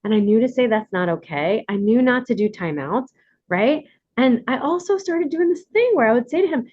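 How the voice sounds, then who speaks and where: A woman in her forties hosts a workshop, speaking casually and animatedly to the group with a warm, coaching tone and laughs. Her voice is a little high at a moderate pace, and the recording's highs are cut off.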